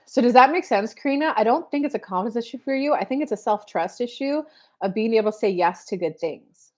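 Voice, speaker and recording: A woman's voice: fairly high pitch, expressive, fast talker, darkish tone. Chatty woman hosting a live stream. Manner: chatty, many fillers, speaks straight to viewers. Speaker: spiritual coach hosting a live show. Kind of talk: casual live-stream chat.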